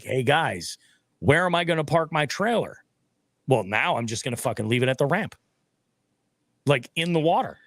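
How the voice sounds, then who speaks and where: A man hosting a casual fishing podcast, telling animated stories with a lot of swearing. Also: mid-range voice, dry recording. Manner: animated storytelling, heavy swearing. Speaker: podcast host. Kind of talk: casual profane chat.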